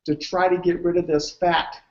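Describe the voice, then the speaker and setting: A man's voice: high-pitched, level tone, normal speed, echoey room, highs cut off. A man voicing a blunt, skeptical woman nursing director in his own everyday voice while telling a story. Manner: blunt, defiant.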